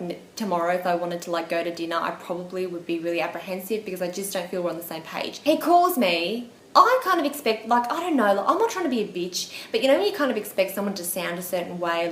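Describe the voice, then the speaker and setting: A woman's voice: medium pitch, a bit bright, slight background noise. A young Australian woman in her twenties telling a dramatic storytime, chatty and full of "like", acting out quotes. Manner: chatty and dramatic, heavy use of "like", acts out quotes. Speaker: beauty vlogger. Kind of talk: storytime vlog. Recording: echoey room.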